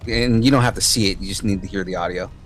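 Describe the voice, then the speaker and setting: A man's voice: fast, fairly bright tone. Man, casual game stream chat, jokey voices, faint music behind. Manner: joking, does high exaggerated accent bits. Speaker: streamer host.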